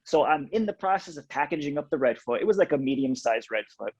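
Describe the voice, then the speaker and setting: Man, guest, casual storytelling, husky voice, slightly high. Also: fast, dull audio. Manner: relaxed, acts out both sides of a conversation. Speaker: reptile seller guest.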